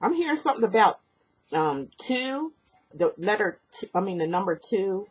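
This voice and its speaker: A female tarot reader gives a personal reading, rambling earnestly, repeating herself, filling pauses with ums, and sniffling from allergies. Her voice is mid-range and slightly rough, with big pitch swings.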